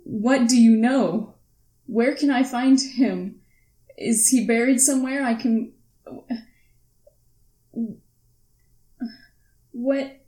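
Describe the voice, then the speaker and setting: A woman's voice: medium pitch, mellow, echoey room, close to an everyday voice. A woman voicing a young woman adventurer who is crying and pleading for news of her lost father, in a tabletop role-play. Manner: pleading, breaking into tears.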